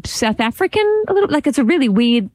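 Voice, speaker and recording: An Australian woman hosting a radio show, chatting in a lively, casual way. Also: fairly high pitch, fast, no room sound. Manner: chatty, animated. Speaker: radio host.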